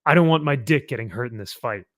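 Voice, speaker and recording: A man reading out the lines of a crude, brutish male alien biker, loud and boastful as he reads. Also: medium pitch, lively intonation, fast, natural voice.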